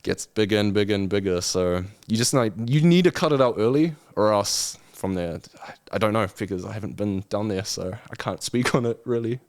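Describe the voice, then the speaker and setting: A man's voice: fairly low pitch, a little fast, hardly any pauses. A man in his twenties, a podcast guest, talking earnestly and motivationally in casual chat and acting out lazy excuses in funny voices. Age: 20s.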